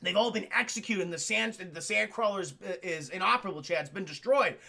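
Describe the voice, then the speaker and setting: Gravelly, high-voiced, swearing young streamer. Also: male voice, fairly quick. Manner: animated, profane, addresses chat. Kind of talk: casual livestream movie retelling.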